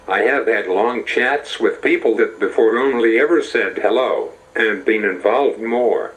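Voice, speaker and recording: A man narrating through a text-to-speech voice with an American accent, slow, even and measured. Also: on the low side, slight background noise, rough recording. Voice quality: synthetic computer voice.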